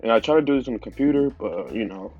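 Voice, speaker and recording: A man's voice: mid-range voice, fast, highs cut off, faint music behind. A man with a stuffy nose giving an informal religious teaching, talking casually with lots of fillers. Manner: casual, conversational preaching with many fillers. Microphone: phone.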